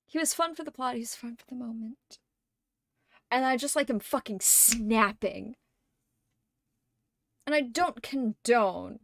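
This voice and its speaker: A young adult woman streamer in casual chat, gushing like an excited fan and swearing and laughing often. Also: on the high side, no echo, studio quality.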